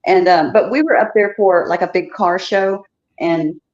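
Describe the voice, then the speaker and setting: A woman's voice: on the low side, normal speed, a little mellow, muffled recording. A woman from Chicago calling in to a show, telling a story chattily with laughing asides. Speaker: caller. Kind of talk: casual storytelling on a call-in.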